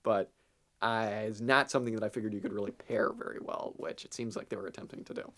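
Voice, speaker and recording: A man's voice: on the low side, steady tone, fast talker, fairly bright tone. A young adult man co-hosting a podcast, rambling casually with lots of fillers and the odd swear word. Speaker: podcast co-host. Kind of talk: casual chat.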